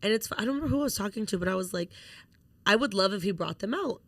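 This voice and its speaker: A woman's voice: mid-range voice, expressive, very fast, fairly bright tone, no room sound. Young woman podcast host spilling a story, swears a lot, acts out quotes, dry close sound. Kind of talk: casual chat.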